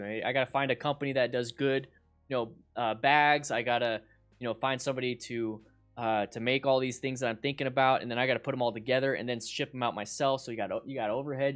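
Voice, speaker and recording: A man hosting a casual livestream chat with viewers, excitable and rambling, repeating himself with bursts of hype. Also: medium pitch, fast talker, soft background music. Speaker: motorcycle riding instructor and channel host.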